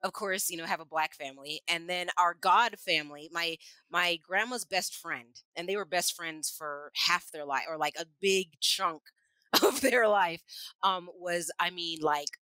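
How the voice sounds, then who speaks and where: A woman co-hosting a casual chat, telling lively family stories and laughing often. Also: on the low side, unhurried, clean tone, no room sound, poor audio. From New Mexico. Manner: animated storyteller, laughs often, acts out quoted voices. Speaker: podcast co-host.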